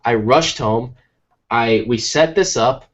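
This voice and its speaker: An American man co-hosting a podcast, telling jokey stories in a lively, casual way while tired from little sleep. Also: medium pitch, takes it slowly, muffled recording. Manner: animated, jokey storytelling. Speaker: podcast co-host. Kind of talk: casual chat.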